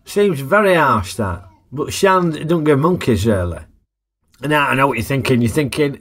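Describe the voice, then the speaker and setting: Chatty man, lively pitch. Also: normal speed. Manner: chatty, jokey, asks tag questions. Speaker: film reviewer. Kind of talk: casual film review narration.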